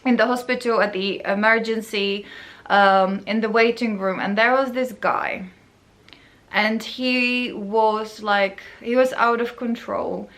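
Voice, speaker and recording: A woman's voice: on the high side, steady tone, slow, fairly bright tone. A woman hosting a podcast, casually telling a personal story in a rambling way full of fillers. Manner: rambling, many fillers, acts out other people's voices. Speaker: podcast host.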